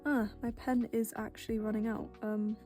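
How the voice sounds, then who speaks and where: A young British woman whose accent keeps drifting toward American, talking in a mellow, rather dark voice. She rambles and pokes fun at herself, late-night tired, over faint background music. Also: on the high side, level tone, moderate pace. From Britain. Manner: rambling, self-deprecating, full of "like" fillers. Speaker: art vlogger. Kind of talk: casual chatty voice-over while drawing. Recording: soft music bed behind.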